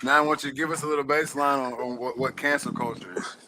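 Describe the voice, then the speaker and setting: A man hosting a podcast in casual chat, talking haltingly with repeated words and many "you know"s. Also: medium pitch, fairly even intonation, sharp tone, slight background noise. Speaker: podcast host.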